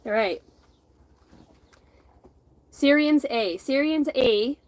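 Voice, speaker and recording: A woman's voice: medium pitch, a bit bright, rough recording. A middle-aged woman giving a casual spiritual tarot reading, rambling, blunt and profane, often breaking into laughter. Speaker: intuitive tarot reader.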